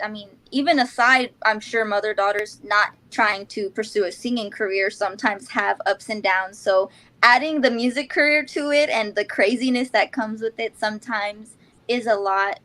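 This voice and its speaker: A woman's voice: mid-range voice, a bit bright, poor audio. A young woman singer being interviewed, chatting casually and laughing often. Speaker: guest singer.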